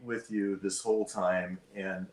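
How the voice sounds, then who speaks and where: A man's voice: deep voice, little pitch movement, measured pace, a little mellow, roomy sound, rough recording. A man joining a livestream as a guest, speaking earnestly about faith. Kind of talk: casual video call chat.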